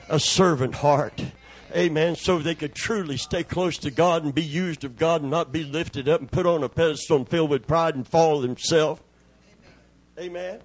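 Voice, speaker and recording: Emphatic preacher with a husky high voice. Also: male voice, normal speed. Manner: emphatic, calls for amens and hallelujahs. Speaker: pastor. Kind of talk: sermon.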